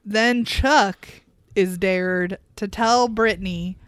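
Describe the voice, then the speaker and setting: A woman's voice: mid-range voice, slow pace, clean tone, dry recording. A woman co-hosting a podcast, recapping a reality show in casual chat, sardonic and chatty with frequent laughs and ums. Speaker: podcast co-host.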